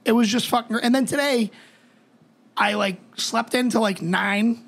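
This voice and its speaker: A man co-hosting a podcast, chatting casually with quick stammering restarts and lots of swearing. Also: very high-pitched, a bit bright. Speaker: podcast co-host. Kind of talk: casual chat.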